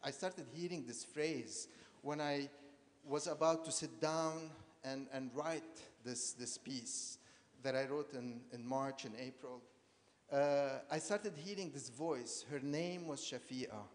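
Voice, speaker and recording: A man's voice: mid-range voice, slow pace. A man from Lebanon giving a personal storytelling talk as an artist, hesitant, repeating words and using many fillers. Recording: long hall reverb.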